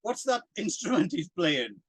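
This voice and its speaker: A man co-hosting a podcast, chatting casually about a film in an animated way and laughing often. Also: sits high, moderate pace, slightly rough, no echo. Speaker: podcast co-host. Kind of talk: casual film review chat.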